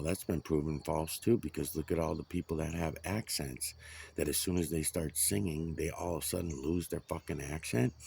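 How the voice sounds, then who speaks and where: A man's voice: a bass voice, gravelly, a little mellow, slight background noise. A man rambling and ranting outdoors, swearing often. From United States. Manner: profane, ranting. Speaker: vlogger.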